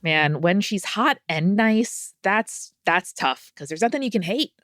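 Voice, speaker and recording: A woman's voice: mid-range voice, lively intonation, measured pace, fairly bright tone, no room sound, clean studio sound. A woman podcast co-host making wisecracking asides in casual chat.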